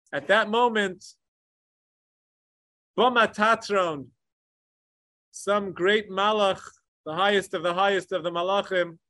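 A man teaching a Torah lecture with passion, mixing Hebrew learning terms into English and swinging between emphatic peaks and hushed asides. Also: high-pitched, no room sound, studio quality. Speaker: rabbi. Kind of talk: Torah lecture on the Tisha B'Av kinos.

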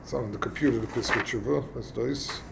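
A man teaching a casual text study lesson, explaining passages in a halting, conversational way and acting out quarrels. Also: medium pitch, creaky, heavy background noise. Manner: halting, explains texts plainly and acts out quarrels. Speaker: religious teacher.

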